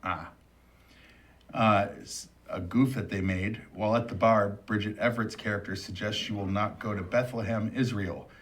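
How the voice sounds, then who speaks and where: Guy co-hosting a movie review, lowish voice, dry teasing sarcasm, just chatting. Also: fairly even intonation, moderate pace. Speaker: co-host of a movie review show. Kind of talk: casual movie review chat.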